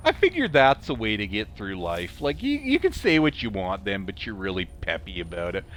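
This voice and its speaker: A man's voice: lowish voice, wildly swooping pitch, normal speed, a bit bright, slight background noise. A man with a drawling Idaho accent chatting loosely as he plays a game, rambling and laughing often with a snarky, self-mocking tone. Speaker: gamer commentating his play. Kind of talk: casual gameplay commentary with storytelling.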